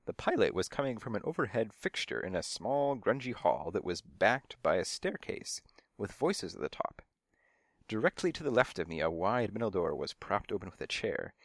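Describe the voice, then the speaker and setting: A man's voice: lowish voice, no echo, studio quality. A man reading a first-person detective story aloud with a wry, hard-boiled delivery. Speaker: audiobook reader.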